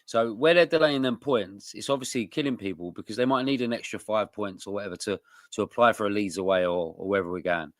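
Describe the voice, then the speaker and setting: A man's voice: on the low side, fast talker, dry recording. A middle-aged man, a regular on a casual podcast, who swears and laughs as he tells stories. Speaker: podcast co-host. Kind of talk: casual chat.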